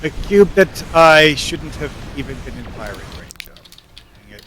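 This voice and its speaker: A man chatting casually while playing a video game with friends, pausing often with fillers. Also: fairly high pitch, lively intonation, fairly bright tone. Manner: halting, many fillers. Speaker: fleetmate player. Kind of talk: casual gameplay chat.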